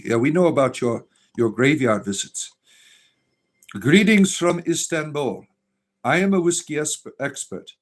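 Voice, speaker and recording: A middle-aged man hosts a loose, casual livestream, reading viewer comments aloud and responding to them. His mid-range voice wanders through plenty of fillers and restarts, with soft music faintly underneath.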